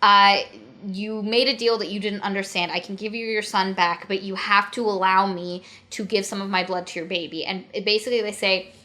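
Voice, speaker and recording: A woman's voice: mid-range voice, steady tone, a little fast, pushed and bright. A woman co-hosting a casual book-critique podcast, retelling a story with acted-out quotes and swearing. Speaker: podcast co-host.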